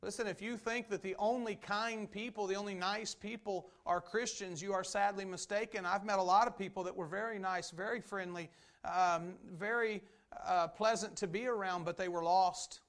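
A man's voice: high voice, fairly even intonation, moderate pace, a bit bright. A man preaching a sermon as a Baptist pastor, emphatic and repetitive. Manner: emphatic preaching with repeated phrases.

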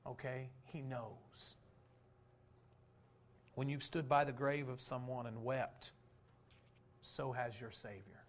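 Fervent preacher with sudden hushes. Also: male voice, little pitch movement, slow, pauses often. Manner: rising to fervent emphasis, then dropping soft and low; rhetorical questions answered by himself. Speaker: pastor. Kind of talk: sermon.

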